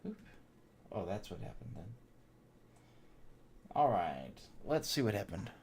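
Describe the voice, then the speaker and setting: A man's voice: lowish voice, big pitch swings, measured pace, vocal fry, pauses often, a little mellow. A middle-aged man hosting a casual livestream from home, rambling in a chatty way, laughing often and muttering to himself as he builds. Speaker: host of a theme park channel livestream. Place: his home.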